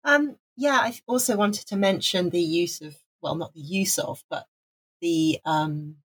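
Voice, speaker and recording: A woman's voice: on the low side, a little slow, fairly bright tone, breathy edge. A woman from Wales, co-hosting a podcast, talking casually and enthusiastically with frequent restarts. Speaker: podcast co-host. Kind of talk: casual chat.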